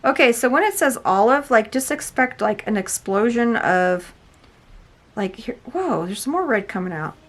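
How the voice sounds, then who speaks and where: Woman, gushing unboxing chat, fairly high voice, frequent excited exclamations. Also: moderate pace. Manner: gushing, exclaims often and addresses viewers as "you guys". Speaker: unboxing and product review host.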